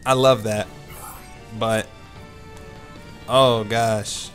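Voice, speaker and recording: A man commentating his own online fighting game matches, animated and self-deprecating, with quick outbursts and laughs. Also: lowish voice. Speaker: gaming YouTuber. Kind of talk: let's play commentary. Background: game music.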